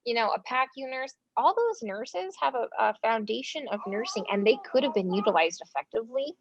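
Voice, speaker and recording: An American woman, a nurse, talks casually in an interview and tells lively stories, acting out quoted dialogue with plenty of fillers. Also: on the high side, a little fast, noisy background. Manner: animated, acts out quoted dialogue; casual speech with frequent fillers. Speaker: front line nurse, interview guest. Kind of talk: conversational interview storytelling. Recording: dull lo-fi sound, dry room.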